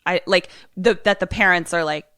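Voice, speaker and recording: A woman co-hosting a podcast, reacting with quick interjections and swearing as she listens. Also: fairly low pitch, a bit bright, clean tone, no room sound, clean studio sound. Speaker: podcast co-host. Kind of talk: casual chat.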